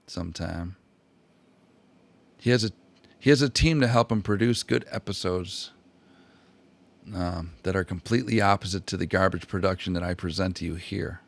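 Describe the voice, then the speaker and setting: Gravelly, crude-talking man rambling. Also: low voice, no room sound. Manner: crude, profane and mocking; meandering, with restarts and asides. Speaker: history channel host. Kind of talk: rambling comedic commentary.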